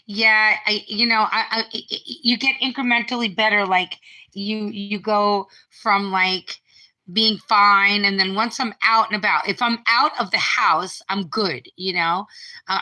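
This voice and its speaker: In a mid-range, bright, forceful voice, a middle-aged woman chats casually on a live stream from her home. She rambles, restarts often, and reads viewer comments as she talks. The audio comes from a low-quality phone recording.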